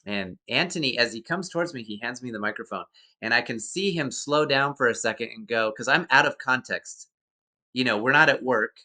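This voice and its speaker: A man's voice: medium pitch, a little fast, sharp tone. A man being interviewed as a guest actor, telling an anecdote in a rambling way with many fillers and restarts. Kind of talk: casual interview storytelling.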